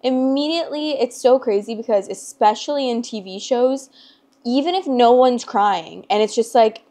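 A woman's voice: on the high side, normal speed. A young adult woman hosting her storytime channel, talking in a chatty, rambling, emotional way with lots of "like" fillers. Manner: chatty and rambling, heavy use of "like"; emotional and expressive. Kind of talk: casual chat to camera.

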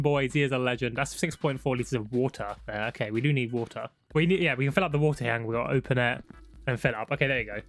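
Bright-voiced lad gaming. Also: male voice, mid-range voice, fast talker, faint music behind. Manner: excitable, shouts when startled, laddish banter. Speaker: gaming YouTuber. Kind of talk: casual gameplay commentary.

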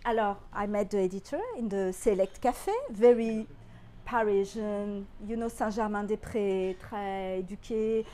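A middle-aged woman with a French accent, French her first language, telling anecdotes to an audience in a lively way, acting out dialogue and laughing often. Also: medium pitch, measured pace. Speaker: guest speaker.

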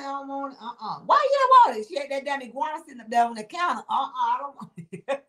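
A woman's voice: high voice, big pitch swings, fairly quick, pushed and bright. A woman hosting a casual livestream chat, laughing often and calling her viewers honey and baby. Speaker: livestream host reading viewer comments.

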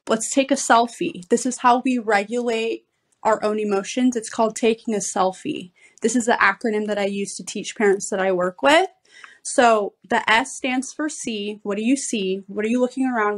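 A woman parenting coach, a podcast guest, patiently explaining ideas step by step. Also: mid-range voice. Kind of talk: podcast interview.

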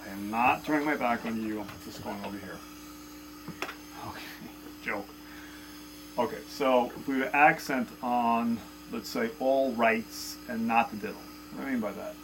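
Man chanting drum strokes over loud drums. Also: medium pitch, normal speed, loud music behind the voice, low-quality recording. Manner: counts and chants drum strokes aloud, loose and chatty. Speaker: drum teacher. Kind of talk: casual instructional drum lesson. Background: loud drumming.

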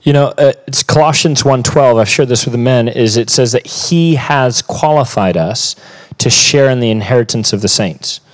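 A man preaching in a church at a middle pitch for a man. He lists scripture references at a steady clip. When he slips on a verse, he stops and corrects himself. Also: normal speed, rough recording. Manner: cites scripture references in a steady run, with small self-corrections. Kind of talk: sermon.

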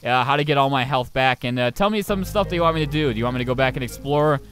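A young man casually commenting on his own gameplay, swearing and getting loudly panicked when things go wrong. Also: medium pitch, fast. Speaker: gaming channel host. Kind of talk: casual let's play commentary.

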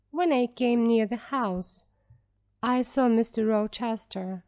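A woman narrating a storybook for English learners in a careful, clear reading. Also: a little high, takes it slowly, darkish tone.

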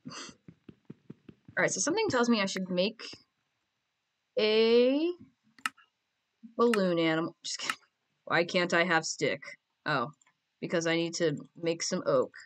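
A woman's voice: fairly low pitch, animated, measured pace, pauses often, slight background noise. A woman giving casual, playful commentary while playing a game, joking and giggling to herself. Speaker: Minecraft player.

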